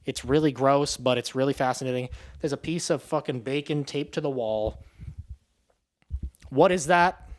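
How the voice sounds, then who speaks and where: A man giving a casual spoken movie review, rambling and swearing in a loose, offhand way. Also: a little high.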